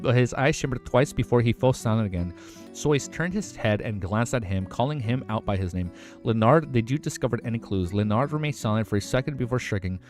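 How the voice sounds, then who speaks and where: A male streamer reading a web novel aloud on a livestream. He stumbles over words and breaks off into excited, profane reactions. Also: medium pitch.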